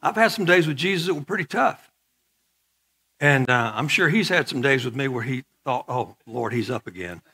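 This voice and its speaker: A man's voice: fairly high pitch, expressive, normal speed, pushed and bright, husky. A middle-aged male pastor preaching a sermon in a conversational way, with joking asides and frequent repeated words.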